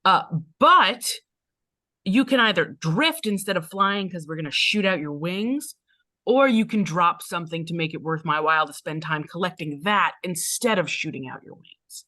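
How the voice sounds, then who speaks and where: Bright-voiced cocky woman player. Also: lowish voice, expressive, moderate pace. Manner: cocky, bantering. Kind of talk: casual play chat in character.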